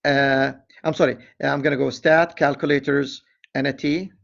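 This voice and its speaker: A man of medium pitch, creaky and a bit bright, barely moves his pitch while teaching statistics over dull audio in a screen-recorded walkthrough. He reads the problem aloud at a deliberate pace, correcting himself in asides.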